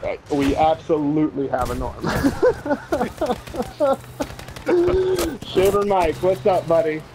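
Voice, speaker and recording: A man's voice: fairly high pitch, moderate pace, background noise. A man who leads a gaming clan, chatting casually in an interview, easygoing and laughing often. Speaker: clan leader.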